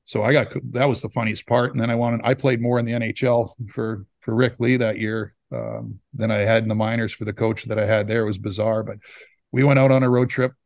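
Gravelly and brisk, his fairly low, darkish voice holds a level tone in a dry recording. He's a Saskatchewan man in his fifties, once a hockey player, now a podcast guest spinning rambling, casual tales while acting out quotes.

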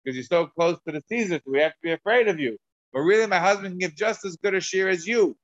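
A man's voice: sits high, quick pace, dull audio, voice pushed up, close to an everyday voice. A man voicing a dismissive woman who scolds a rabbi, speaking in a raised, mocking tone. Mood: scornful.

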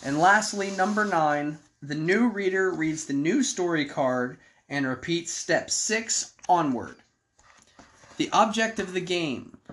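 A man's voice: a little high, expressive, takes it slowly, a bit bright. A man reading a choose-your-own-adventure card game aloud to friends, breaking off for joking asides. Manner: joking asides between read passages. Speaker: game reader.

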